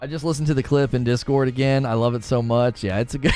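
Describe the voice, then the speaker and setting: A man's voice: mid-range voice, steady tone, quick pace, few pauses, darkish tone, faint music behind. A man streaming, chatting casually with viewers in a rambling, laughing manner. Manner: rambling, self-interrupting, laughs often.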